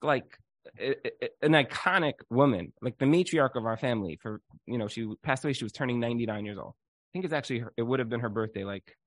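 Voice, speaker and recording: A man's voice: medium pitch, no room sound. A man giving a casual Torah lecture, telling stories with lots of filler "like"s and acting out the people he quotes. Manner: animated storytelling full of "like"s and acted-out quotes.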